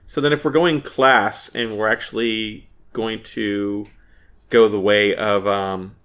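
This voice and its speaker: A man's voice: on the low side, steady tone, slow, a bit bright, clean tone. A man as a podcast guest in casual chat, easygoing and a bit hesitant. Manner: easygoing, explains picks with some hesitation.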